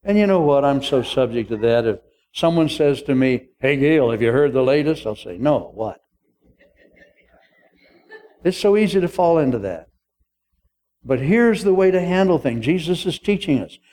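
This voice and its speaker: A man's voice: fairly high pitch, sing-song, normal speed, pauses often, warm tone. An older male pastor preaching a sermon, acting out the dialogue of a parable with humor.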